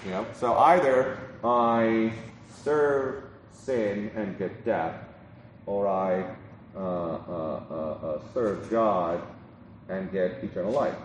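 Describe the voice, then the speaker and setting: A man preaches conversationally, full of ums, restarts and repeated "right?". His lowish voice moves at a slow pace, recorded from a distance in a roomy hall with a little hiss or hum.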